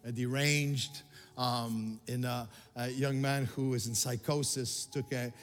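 A man's voice: mid-range voice, flat delivery, slow. An older male pastor from Quebec preaching with rising passion and frequent restarts. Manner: impassioned, rising to near shouts, many restarts. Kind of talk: sermon. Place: church sanctuary. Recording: reverberant hall with music behind.

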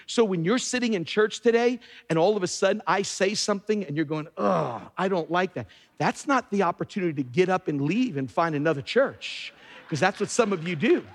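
A man preaching a sermon as pastor, emphatic and animated, jumping up in pitch for emphasis and dropping to quiet asides. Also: fairly quick. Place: church sanctuary. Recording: long reverb of a church hall.

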